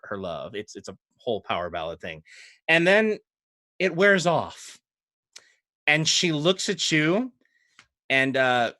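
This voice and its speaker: Man narrating a tabletop game, relaxed and rambling, uh and um throughout, dry sound. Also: mid-range voice, no echo. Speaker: game master.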